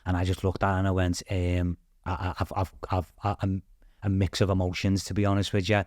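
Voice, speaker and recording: A man with a British accent, a podcast guest telling a story in a casual, animated way, swearing freely and acting out what other people said. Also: low-pitched, a little fast. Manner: animated, swears freely, acts out quoted voices.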